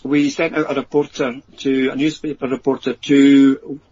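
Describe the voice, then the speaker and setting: A Scottish man, a paranormal researcher and author, telling anecdotes in an animated way on a podcast. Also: mid-range voice, moderate pace, husky. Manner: animated anecdotes acting out quoted voices. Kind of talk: storytelling in a podcast interview. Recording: dull lo-fi audio.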